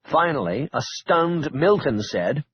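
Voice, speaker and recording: A man's voice: mid-range voice, very animated, slow pace, lo-fi sound, slight background noise. A man narrating an audiobook thriller in a wry, dramatic storytelling manner. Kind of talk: scripted narration.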